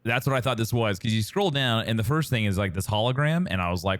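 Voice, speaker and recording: A man's voice: on the low side, quick pace, no echo. A man co-hosting a casual podcast, wry and teasing, rambling through his thoughts. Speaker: podcast co-host.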